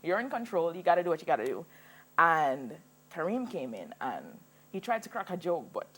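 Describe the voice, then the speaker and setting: Animated woman, low lively voice. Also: normal speed, breathy edge. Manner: animated, laughs while telling her story. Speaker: singer and guest. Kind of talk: personal storytelling in a TV interview.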